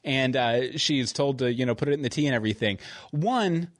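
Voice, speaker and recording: A man's voice: medium pitch, a little fast, no echo, studio quality. A man hosting a podcast in casual chat, rambling and chuckling as he corrects himself. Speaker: podcast host.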